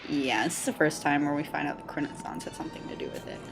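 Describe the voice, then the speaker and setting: A woman's voice: sits low, fast, gravelly, over music. A woman doing a casual, chatty fan commentary over a cartoon episode, sarcastic and laughing, with the odd swear word.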